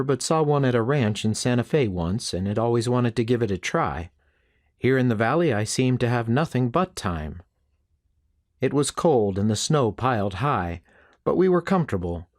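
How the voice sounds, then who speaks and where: A man's voice: medium pitch, darkish tone, no room sound. Man narrating a western audiobook, dry.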